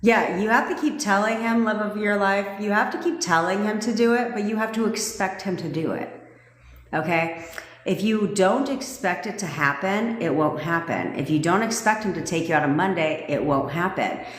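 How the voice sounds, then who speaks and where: A woman's voice: mid-range voice, normal speed. A woman manifestation coach talking casually on a livestream, blunt and profane and laughing often. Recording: echoey room with long reverb.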